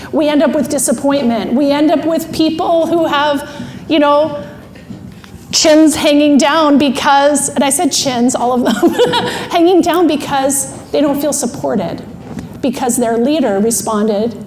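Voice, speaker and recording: Brief: animated woman keynote speaker, high voice, quick laughs, live hall with long reverb and faint ambience. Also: slight background noise. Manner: lively, self-deprecating, laughs often. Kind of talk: animated storytelling talk. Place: large expo hall.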